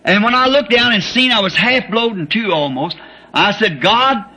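A man's voice: expressive, normal speed, sharp tone, husky, poor audio. A man preaching a sermon, telling a vision story with rising passion. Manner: impassioned storytelling, rising in pitch when recounting screams.

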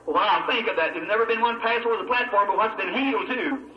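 A man's voice: sits high, quick pace. A man, a preacher telling a heartfelt personal story in a sermon. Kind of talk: sermon testimony. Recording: old echoey distant lo-fi hall recording with faint hiss.

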